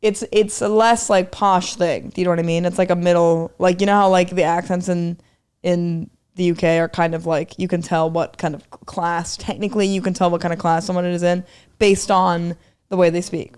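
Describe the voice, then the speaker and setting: A woman's voice: on the low side, fairly even intonation, moderate pace, a little mellow, clean tone. A woman with an American accent, raised in England, telling rambling stories as a comedian guest on a podcast. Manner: rambling storyteller, lots of likes and restarts. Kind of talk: casual podcast chat.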